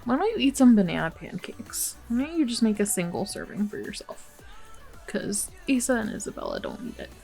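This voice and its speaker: A woman's voice: mid-range voice, wildly swooping pitch, a little fast, vocal fry, warm tone, faint music behind. A woman hosting a game let's play, commenting casually and sympathetically, with many fillers.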